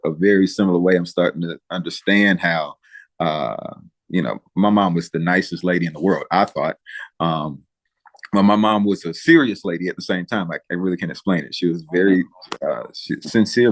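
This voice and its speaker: A man speaking as an interview guest, emotional and halting, with frequent pauses and restarts as he encourages listeners like a preacher. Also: low-pitched, dry recording. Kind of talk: earnest interview talk.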